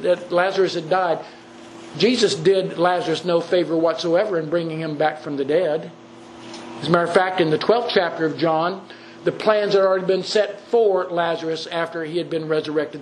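High-voiced earnest man preaching. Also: slight background noise, poor audio. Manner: earnest, repeats phrases for emphasis. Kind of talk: sermon.

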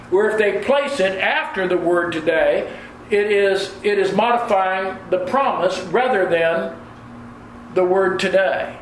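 A man delivering a sermon in a high, light voice, walking listeners through scripture and punctuation. He talks in a deliberate teaching tone, often doubling words as he restarts. The sound carries a noticeable room echo. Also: a little hiss or hum. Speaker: preacher.

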